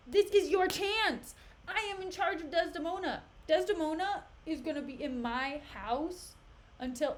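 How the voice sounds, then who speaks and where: A woman's voice: high voice, a little hiss or hum. A woman voicing a scheming man who pushes his friend along in impatient slang.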